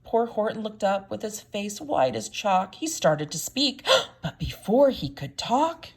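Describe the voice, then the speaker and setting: A woman reading a picture book aloud to children, animated, gasping at the turns and stopping to ask them questions. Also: mid-range voice, measured pace, breathy edge. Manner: animated, gasps, asks listeners questions.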